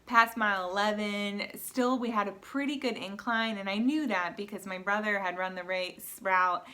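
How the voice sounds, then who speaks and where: A woman in a casual vlog, telling a personal story with earnest, emotional warmth. Her voice is clear and bright, with an average pitch. She talks loosely, with many fillers and restarts. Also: fairly even intonation, moderate pace. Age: adult with a school-age daughter. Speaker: vlogger.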